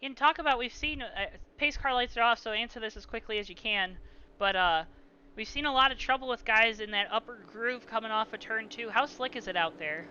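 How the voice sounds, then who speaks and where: A man calling a simulated stock car race as play-by-play commentator, lively with joking asides. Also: high voice, brisk, smooth, muffled recording. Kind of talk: sim racing commentary.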